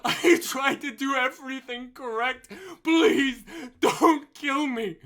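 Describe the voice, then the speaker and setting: A man's voice: very high-pitched, slow, full character voice. A man voicing a broken, desperate fallen archangel who begs and cries for mercy in a tabletop game. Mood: desperate pleading. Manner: begging, sobbing, shouting pleas. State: crying.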